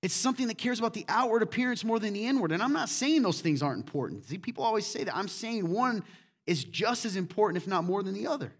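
A man preaching a sermon as pastor, conversational and full of questions to the congregation, swinging between loud emphatic points and quiet asides. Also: high voice, expressive, fast talker.

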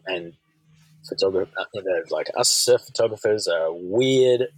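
A man's voice: deep voice, slightly rough, no echo, rough recording. A man who works as a surf commentator, talking candidly as a podcast guest. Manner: candid, measured storytelling. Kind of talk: casual conversational chat.

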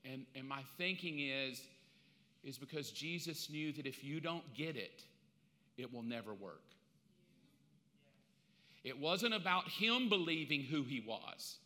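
Pastor in his fifties, slightly high voice with lots of bite, storytelling sermon in a reverberant hall. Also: measured pace, pauses often. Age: 50s. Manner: animated storytelling with slangy asides. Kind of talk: casual conversational sermon. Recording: long reverb of a large hall.

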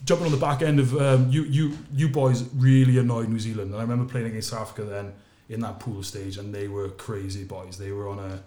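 Fast-talking man telling a story. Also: roomy sound, slight background noise. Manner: lively anecdote-telling, drops low and quiet for asides. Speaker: podcast host and former sevens captain. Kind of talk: animated storytelling in a casual chat.

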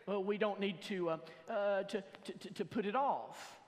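Pastor preaching in a large hall. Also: male voice, high voice, a little mellow. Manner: preaching with rising emphasis and slow drawn-out scripture reading. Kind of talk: sermon. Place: church sanctuary.

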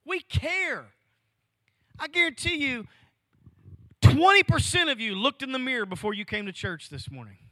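A male pastor delivers a sermon in a slow, deliberate cadence. His voice sits high and bright, and the sound is close and dry. He swings his delivery from emphatic peaks down to hushed, almost whispered lines. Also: lively intonation, no echo. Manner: preaching with sweeping swings of pitch and volume, dropping to near-whispers. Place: church.

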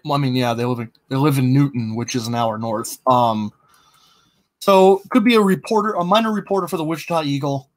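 Hesitant man brainstorming in casual chat. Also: a little high. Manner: hesitant, many ums and restarts. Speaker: co-host planning a fiction podcast.

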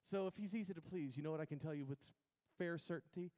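Man preaching, hushed then booming. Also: fast talker, hardly any pauses. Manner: swings between hushed intimacy and loud emphatic preaching; calls on the congregation to repeat words. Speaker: pastor. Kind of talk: sermon.

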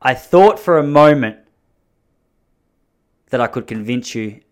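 A man's voice: medium pitch, takes it slowly, pitched below the performer's own voice. A man putting on a pompous, wordy baby boy. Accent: Australian. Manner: formal, long-winded, deadpan.

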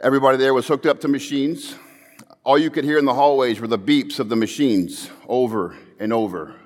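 A man's voice: mid-range voice, fairly quick, in a large hall. A man preaching a sermon, telling a story earnestly and building to emphatic calls.

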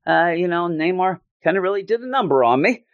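Sulking hurt superhero, higher and whiny, a man voicing him. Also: lively intonation, fairly quick, dry recording, phone-quality sound. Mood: sulky.

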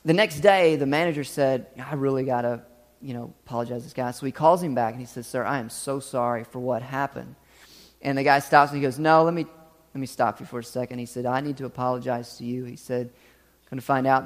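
A man in his thirties preaching a sermon, telling stories and acting out quoted voices, with lively asides to the congregation. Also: mid-range voice. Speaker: pastor. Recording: long reverb of a hall.

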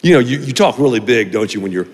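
Animated male pastor in a big hall. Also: medium pitch, fast talker. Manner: animated, acts out voices in anecdotes. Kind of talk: storytelling sermon. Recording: long reverb of a large hall.

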